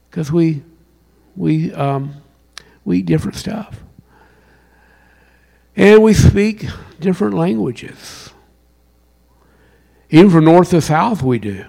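A man with a Southern US accent from South Carolina, preaching a sermon with wide swings in pitch and loudness. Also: expressive, a little slow, vocal fry, pauses often. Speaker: pastor.

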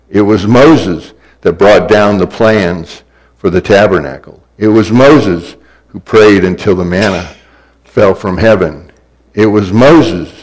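Man, preacher, sermon, unhurried delivery, repetitive rising cadence. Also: sits low, a little mellow, rough recording. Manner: repetitive, building cadence with sudden swells.

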